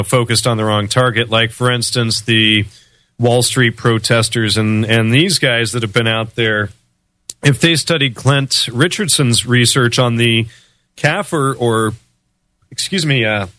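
A man talking as a guest on a radio show, giving relaxed, chatty answers. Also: medium pitch, no room sound. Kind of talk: conversational interview answers.

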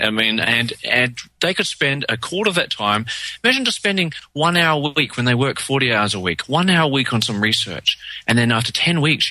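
A man's voice: medium pitch, pushed and bright, no echo, poor audio. A man in casual chat, ranting emphatically and repeating himself.

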